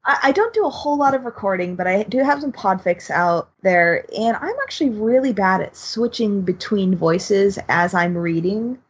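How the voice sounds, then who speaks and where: Woman co-host, husky voice, lo-fi sound, chatty and self-deprecating. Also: medium pitch, expressive, moderate pace, few pauses. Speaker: podcast co-host. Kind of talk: casual podcast chat.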